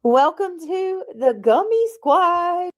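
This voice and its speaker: A woman's voice: extremely high pitch, animated, takes it slowly. A woman hosting a livestream, chatting casually and reading out her viewers' comments as she greets them. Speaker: livestream host.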